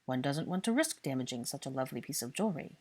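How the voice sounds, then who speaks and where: Woman voicing a croaking old male house elf, servile, fussy, low voice. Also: sing-song, fast, a little mellow, heavily acted. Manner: croaking, deferential, odd grammar.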